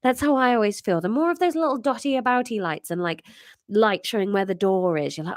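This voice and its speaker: A woman's voice: medium pitch, a little fast, no echo, clean studio sound. A woman in her thirties with a congested, nasal voice chats casually on a live stream and reads her own story aloud, with self-mocking asides and lots of fillers. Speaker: comedian host reading her own story.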